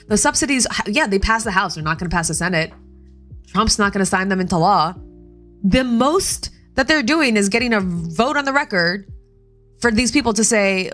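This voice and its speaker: A woman's voice: mid-range voice, lively intonation, normal speed, a bit bright, soft background music. A woman hosting a casual political livestream from home, heated and swearing, firing off bursts of outrage. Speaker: livestream host. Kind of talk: casual political commentary stream.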